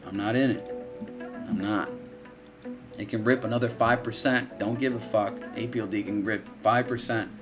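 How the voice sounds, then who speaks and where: A man's voice: lowish voice, fairly even intonation, normal speed, music in the background. A man hosting a live trading stream, talking casually and bluntly, swearing often and repeating himself, tired and yawning from lack of sleep. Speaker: trading livestream host. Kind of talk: casual live market commentary.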